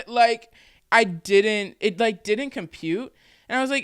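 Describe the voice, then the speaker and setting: A woman in her twenties, a vlogger and podcaster, tells her own story to the camera candidly and conversationally, using plenty of "like" fillers. Her medium-pitched voice is clean and slow, recorded in studio quality with no echo.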